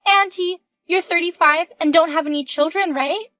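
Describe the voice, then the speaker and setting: A woman's voice: very high-pitched, normal speed, sharp tone, dry recording, pitched above the performer's own voice. A woman voicing a mocking, condescending young woman student in a scripted text-message story. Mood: taunting. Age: 20s. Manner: taunting, condescending.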